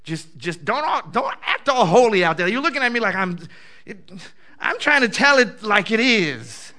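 A man, a messianic rabbi, telling a story in a lively, conversational sermon, often laughing as he talks. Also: high voice, moderate pace.

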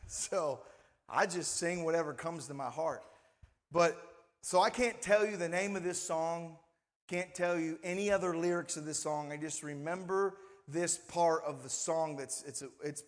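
Seorang pendeta pria berkhotbah dengan gaya santai, suara agak tinggi, terekam di aula gereja yang bergema. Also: male voice, a little high, big-room sound. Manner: conversational, asks the congregation for responses. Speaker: pastor. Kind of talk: sermon. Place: church sanctuary.

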